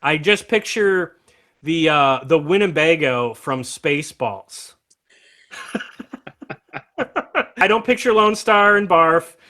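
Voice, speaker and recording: A man hosting a casual livestream chat about music, animated and laughing often as he talks. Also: fairly high pitch, slow pace, long pauses. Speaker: host.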